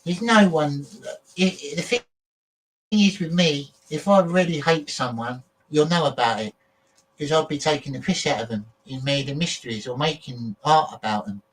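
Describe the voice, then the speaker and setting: A man with a fairly high voice hosts a casual livestream at normal speed, chatting with viewers bluntly and swearing freely. The audio sounds distant and choppy, like a weak internet connection.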